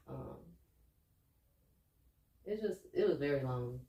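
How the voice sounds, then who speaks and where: A young woman with a lowish voice talks candidly as a podcast co-host, earnest and then lively and laughing as the stories build. She sits a little back from the mic in an echoey room. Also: moderate pace, far from the mic. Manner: earnest, turns animated and laughing when telling stories. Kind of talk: candid casual chat.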